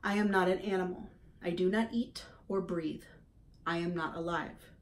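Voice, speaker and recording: Woman doing a calm patient robot mom, plain even voice, storybook read-aloud. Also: lowish voice, normal speed, a little hiss or hum, close to an everyday voice. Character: calm patient robot mother, female, weathered.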